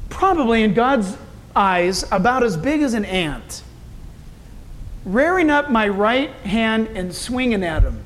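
Male pastor, high voice, chatty folksy sermon delivery. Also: slight background noise. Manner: folksy, conversational preaching with asides to the congregation.

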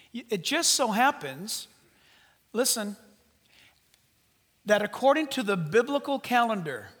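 A man's voice: high voice, fairly bright tone. A man preaching a sermon, speaking animatedly to the congregation and acting out the voices in the biblical dialogue. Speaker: pastor. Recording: long hall reverb.

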